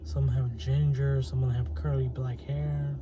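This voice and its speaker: A man's voice: medium pitch, level tone, moderate pace. A man talking to camera in a casual rambling monologue, hesitant, with many restarts and fillers. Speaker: channel host. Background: faint plane and traffic noise.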